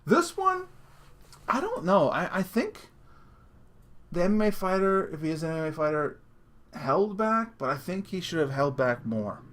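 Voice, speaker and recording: A man rambles through a casual solo rant, breaking into laughter and restarting his sentences. His voice sits a little high and comes across bright and forceful. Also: sing-song, normal speed, long pauses. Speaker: podcast host.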